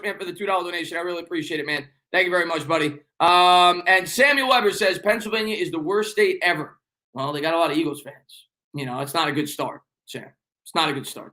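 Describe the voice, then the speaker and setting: A young man with a strong New York accent hosts a casual sports live stream and reads out viewer comments. His voice sits high and sounds bright. He rambles, repeats lines, and jokes with the chat. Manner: fast, rambling, repeats himself, joking banter.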